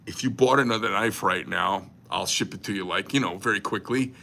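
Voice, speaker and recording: A man's voice: fairly low pitch, brisk, vocal fry, sharp tone, slight background noise. A man, a knife company owner, talking in a profane, joking, rambling style on a casual livestream. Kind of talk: casual crude livestream rant.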